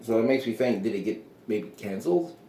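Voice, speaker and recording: A man's voice: medium pitch, lively intonation, a little fast, warm tone, echoey room, slight background noise. A man hosting a casual solo show, rambling through his thoughts with frequent chuckles and trailing off. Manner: meandering, chuckling often, trailing off. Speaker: podcast host.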